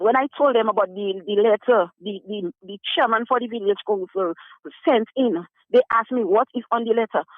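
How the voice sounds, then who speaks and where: A man calls in to a radio show, his voice strikingly high. He pleads urgently and circles back over the same points. The sound is a dry, tinny phone line. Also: no room sound. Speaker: caller. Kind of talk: call-in radio complaint. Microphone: telephone.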